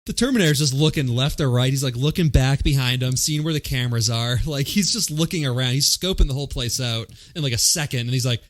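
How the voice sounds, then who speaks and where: A man's voice: mid-range voice, quick pace, few pauses. A man co-hosting a movie podcast, talking casually with plenty of swearing and acted-out quotes. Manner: profane, jokey, acts out quotes. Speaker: podcast co-host. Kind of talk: casual movie-review chat.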